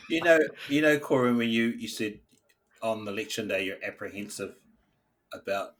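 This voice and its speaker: A man's voice: on the low side, animated, moderate pace, a bit bright, a little hiss or hum. A man co-hosting a podcast, blunt and swearing freely. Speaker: podcast co-host. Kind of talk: casual chat.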